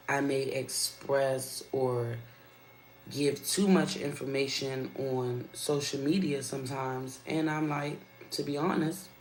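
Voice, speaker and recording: A woman with a low voice talks candidly and unhurriedly to her live-stream viewers, calling them y'all. The sound is roomy and echoey, with a faint ambient hum underneath. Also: a little mellow. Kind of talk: casual chat. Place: at her workplace.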